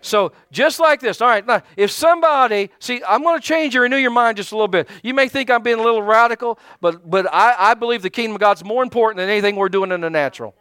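A man pastor preaching a sermon, animated, calling out to his congregation and acting out little asides. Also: high voice, fast, few pauses, clear, resonant tone, dry recording.

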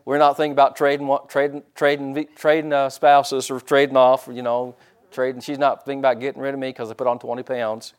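A man's voice: mid-range voice, level tone, fairly quick, smooth. A middle-aged man preaching a sermon in a church, folksy and joking, with frequent amens and hallelujahs. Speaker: pastor.

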